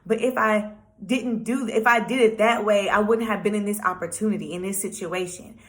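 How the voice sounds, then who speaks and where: A young woman vlogger telling a personal testimony in a chatty, animated way, with lots of fillers. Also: mid-range voice, moderate pace.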